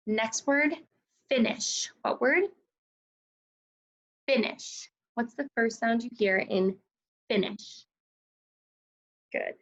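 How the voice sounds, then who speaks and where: A woman teaching a recorded second grade phonics lesson, enunciating sounds slowly and clearly, praising and prompting her pupils. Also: fairly high pitch, fairly bright tone. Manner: slow, clearly enunciated, encouraging teacher talk.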